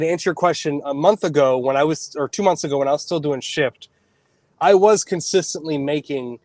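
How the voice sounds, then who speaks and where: A man working as a delivery driver talks casually on a livestream while out on runs. His voice sits a bit higher than most men's, and he speaks in a halting way with frequent restarts. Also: darkish tone, no room sound.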